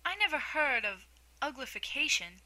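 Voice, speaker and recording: A woman's voice: high voice, big pitch swings, moderate pace, bright, forceful tone, voice pushed up, full character voice. A woman voicing a curious, polite young girl in a storybook reading, asking earnest questions.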